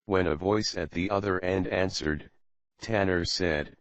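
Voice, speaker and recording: Deep slow male audiobook reader. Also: dry recording. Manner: steady, measured reading. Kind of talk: audiobook narration. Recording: dull lo-fi audiobook.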